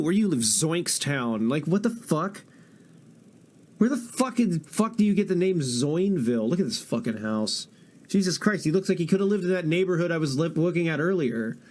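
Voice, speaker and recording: A fairly high-voiced man reacting on a live stream, swearing constantly and sounding incredulous as he riffs on whatever he's watching. He talks casually into a desk mic. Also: expressive, moderate pace, a little mellow. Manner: incredulous, swears a lot, jokey. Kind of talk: casual profane stream commentary.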